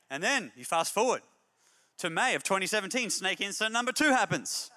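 A man preaching a humorous, energetic sermon as a pastor, moving between jokey stories and emphatic exhortation. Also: high voice, a little fast, in a large hall. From Australia. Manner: animated storyteller, jokey then emphatic and exhorting.

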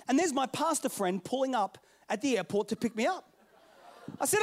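His sermon moves through stories, loud eruptions giving way to hushed lines; he is a man past thirty-five. The voice is very high, expressive and brisk.

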